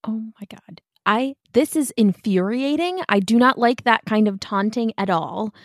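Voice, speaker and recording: A woman's voice: a little high, expressive, a little slow, no room sound, studio quality. A woman playing a tabletop game, asking questions in a playful, chatty way. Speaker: player. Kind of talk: casual tabletop play.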